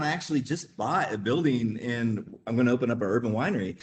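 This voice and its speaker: A man's voice: medium pitch, lively intonation, a little fast, a little hiss or hum. A man who grew up in the Midwest, telling a rambling casual story with lots of fillers, laughs and acted-out quotes. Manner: acts out quoted voices. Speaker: webinar guest.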